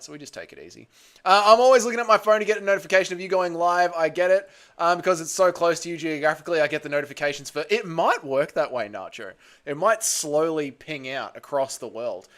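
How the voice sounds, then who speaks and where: A young Australian man hosting a casual livestream, a little hungover, bantering loudly with chat and calling everyone mate and brother. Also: fairly high pitch. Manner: loud, blokey banter with frequent "mate" and "brother". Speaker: livestream host.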